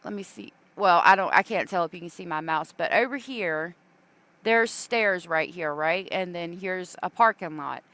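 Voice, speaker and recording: A woman's voice: lowish voice, lively intonation, normal speed, a bit bright. A woman hosting a casual livestream, chatting loosely with many fillers and reading viewer comments aloud. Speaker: true crime livestream host.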